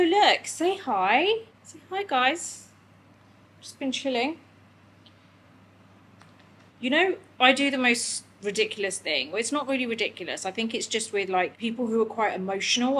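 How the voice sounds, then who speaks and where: A young woman talks through a personal vlog in a loose, rambling way, her voice going tearful as she speaks. Her pitch sits mid-range. A faint hiss of noise runs underneath. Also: bright, forceful tone, rough recording. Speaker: vlogger. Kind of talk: candid vlog chat.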